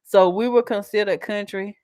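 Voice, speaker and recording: A vlogger from South Carolina, USA, with a country twang chats casually and animatedly while reading viewer comments aloud, laughing often. Her medium-pitched voice is steady, a little mellow, at normal speed, recorded dry with studio quality.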